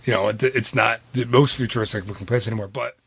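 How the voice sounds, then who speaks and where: A man's voice: mid-range voice, fairly even intonation, fast, creaky, a bit bright, husky, no echo. A man in his late thirties or forties, co-hosting a podcast in a chatty, rambling way, with lots of "dude" and restarts. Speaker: podcast co-host. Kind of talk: casual podcast chat.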